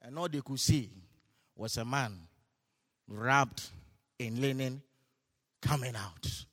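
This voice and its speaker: A man preaching a sermon, telling stories with laughs and shouting his declarations. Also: medium pitch, slow pace. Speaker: pastor. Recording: hall reverb.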